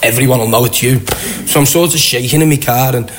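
A man's voice: mid-range voice, fast talker, a little hiss or hum. Chatty Scouse man telling stories. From Liverpool, England. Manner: chatty, animated anecdotes with acted-out quotes. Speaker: guest. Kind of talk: casual storytelling.

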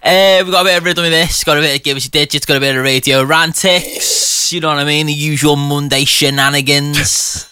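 Male co-presenter, bright voice, dry close sound, chatty and giggly. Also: a little high, steady tone, fairly quick, hardly any pauses, smooth, no room sound. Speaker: radio co-presenter. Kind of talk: casual radio banter.

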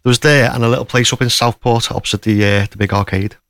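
A man's voice: medium pitch, steady tone, quick pace, a bit bright, no room sound. A man chipping in on a radio show with dry, teasing humour. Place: radio studio.

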